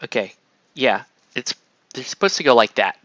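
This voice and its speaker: Bright-voiced man chatting. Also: medium pitch, sing-song, moderate pace, no echo, muffled recording. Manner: rambling, chuckling, trails off and restarts. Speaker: host. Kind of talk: casual chat while assembling miniatures.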